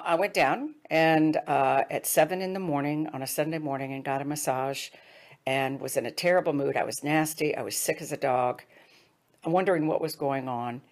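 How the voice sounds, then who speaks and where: Middle-aged woman, low gravelly voice, earnest storyteller. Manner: earnest, drops to hushed tones for quoted advice. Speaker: speaker. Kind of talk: personal storytelling talk.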